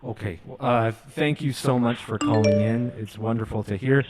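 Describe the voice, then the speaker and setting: A man's voice: medium pitch, steady tone, moderate pace, loud music behind the voice, poor audio. A man hosting a call-in show, earnest and apologetic, with nervous laughs. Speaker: radio show host.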